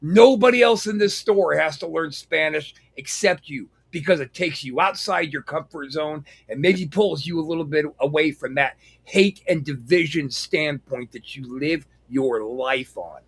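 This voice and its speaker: A man with a somewhat high voice, chatting casually on a podcast. He tells his stories with animated energy and swears freely. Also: a little slow, vocal fry, few pauses, breathy edge. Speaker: podcast co-host.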